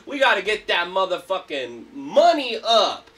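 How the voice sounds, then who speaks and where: A man hosting a casual livestream, rolling from chat into hyped, profane rants. His voice sits high with a bright, sharp edge. He sounds a little away from the mic. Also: big pitch swings, unhurried, recorded from a distance, a little hiss or hum. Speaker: livestream host.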